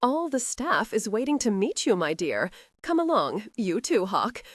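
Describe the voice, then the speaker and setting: A woman's voice: medium pitch, big pitch swings, measured pace, no room sound, studio quality. A woman reading a hearty old nobleman. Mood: jovial. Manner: cheerful and teasing. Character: jovial older male nobleman, hearty and brisk.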